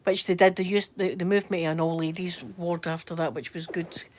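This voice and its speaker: A woman's voice: fairly low pitch, fairly even intonation, brisk, darkish tone. A Scottish woman chatting casually from bed during a livestream, telling rambling stories and answering viewer comments. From Scotland. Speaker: livestream host. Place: in bed at home.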